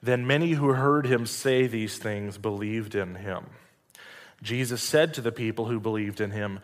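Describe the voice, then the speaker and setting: Preacher with a ringing, reverberant voice. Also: male voice, on the low side, a little slow. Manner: conversational asides, rhetorical questions. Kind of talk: Bible reading with sermon commentary. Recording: long reverb hall.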